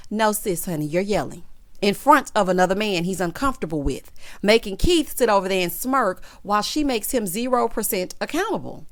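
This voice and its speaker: Southern woman, middle pitch, dry close sound, sassy, expressive recap host. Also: no room sound. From American South. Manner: sassy, expressive, quick to react with laughter and asides. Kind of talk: casual reality TV recap.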